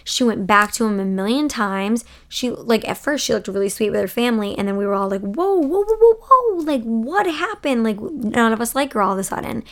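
A woman's voice: mid-range voice, fast, hardly any pauses. A young woman hosting a casual podcast, chatting in a gushing, opinionated, sassy way, sleepy and yawning late at night. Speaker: podcast host.

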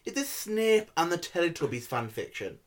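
A man's voice: a little high, sing-song, normal speed. A man bantering casually with friends, dry and wisecracking. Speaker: co-host.

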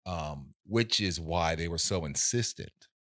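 A man in casual conversation, telling a story in an animated way and acting out the voices of people in it. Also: sits low, measured pace, dry recording, clean studio sound.

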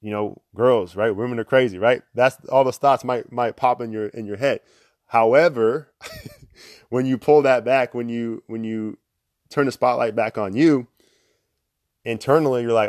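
A man's voice: medium pitch, fairly even intonation, normal speed, a little mellow, no room sound, studio quality. A young man hosting a podcast, talking casually about self-improvement, filling gaps with "right?" and short laughs. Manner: conversational, lots of fillers and "right?" tags; laughs between points. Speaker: podcast host. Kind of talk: casual motivational monologue.

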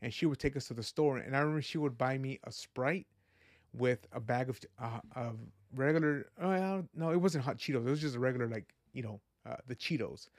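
Talking briskly in a mid-range voice, a male podcast host offers an earnest, rambling personal monologue recorded dry at studio quality. His tone is reflective and faith-minded, and "like" and "you know" crop up constantly.

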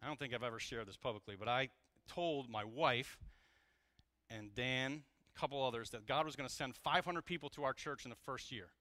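Male pastor, bright, forward tone, dry close sound, candid and animated sermon delivery. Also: mid-range voice, fairly quick, dry recording. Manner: candid and animated, swinging between loud and hushed.

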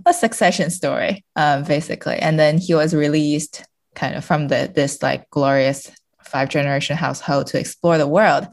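Low-voiced chatty woman podcast guest. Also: vocal fry. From China. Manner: chatty, many fillers and restarts, laughs often. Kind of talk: casual podcast chat.

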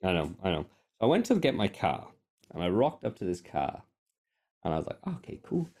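Man, podcast host, casual storytelling, sweary, self-mocking, very animated pitch. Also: fairly quick. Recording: podcast microphone.

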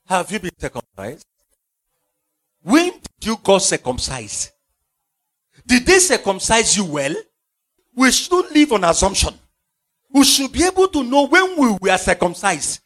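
A man's voice: high-pitched, a bit bright. A male preacher delivering an impassioned sermon, driving his points home with repeated rhetorical questions.

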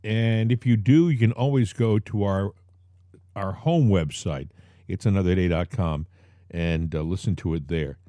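A man's voice: deep voice, a little slow, mellow, no echo. A man hosting a talk podcast, speaking straight to his listeners and repeating the key points so they stick. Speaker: podcast host. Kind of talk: casual talk show chat.

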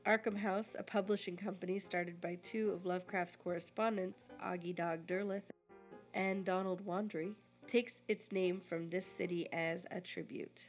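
A woman's voice: on the low side, steady tone, moderate pace, dull audio, faint music behind. Woman podcast co-host, playful. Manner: playful, laughs often, reads passages aloud. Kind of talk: casual podcast chat and reading.

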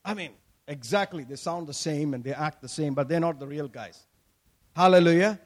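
Indian guy preaching, high voice, loud and joyful, keeps laughing and shouting. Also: normal speed. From Kerala, India. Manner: exuberant, shouts and laughs, playful asides. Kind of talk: energetic sermon.

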